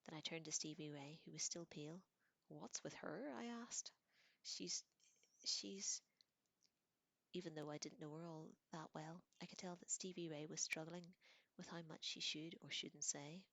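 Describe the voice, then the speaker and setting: A woman reading a novel aloud in a soft voice that often drops to a whisper, with casual asides. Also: sits low, level tone, a little fast, dry recording. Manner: casual asides between passages. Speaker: audiobook reader.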